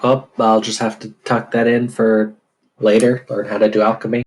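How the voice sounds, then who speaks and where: A man's voice: fairly low pitch, little pitch movement, normal speed. A man playing in a tabletop game, asking plain questions of the game master. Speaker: player. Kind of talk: casual chat during a tabletop game.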